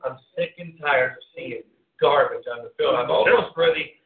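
A man hosting casual sports talk, ranting with animated sarcasm. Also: medium pitch, normal speed. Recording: tinny phone-like sound in an echoey room.

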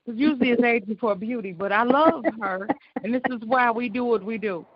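A woman's voice: a little high, fairly quick. Brash rhythmic woman poet on a phone line. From Illinois, USA. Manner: rhythmic, emphatic, brash and profane. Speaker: caller and spoken word poet. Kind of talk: freestyle spoken word poetry on a call-in show. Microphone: phone call-in.

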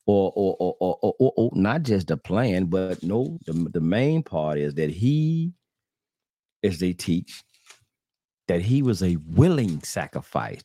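Deep gravelly man preaching rhetorically. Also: very animated, unhurried, warm tone, no room sound. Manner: rhetorical, repetitive questioning, addresses "brothers and sisters". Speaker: religious podcast host. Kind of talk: preaching-style commentary to online audience. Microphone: screen-sharing computer setup.

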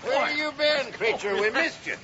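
A man's voice: very high voice, normal speed. An actor with an Oklahoma accent playing a hopeful, plain-spoken farmer father, on an old film soundtrack. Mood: homespun. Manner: homespun, lively. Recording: dull, faintly hissy old film soundtrack.

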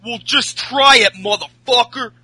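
A man putting on a huge seven-foot male wrestler who spits out slow, shouted threats. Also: extremely high pitch, slightly rough, no echo, pitched above the performer's own voice, full character voice. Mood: menacing.

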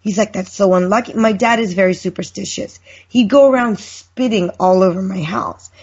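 Chatty female podcast guest, slightly husky, muffled lo-fi sound. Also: medium pitch, normal speed. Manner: chatty, warm storyteller. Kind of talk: casual podcast chat. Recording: muffled lo-fi call.

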